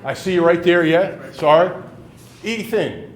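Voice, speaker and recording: A man's voice: high-pitched, recorded from a distance. Upbeat man leading a workshop, echoey room. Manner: upbeat, brisk roll call. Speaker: workshop leader. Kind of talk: classroom workshop talk.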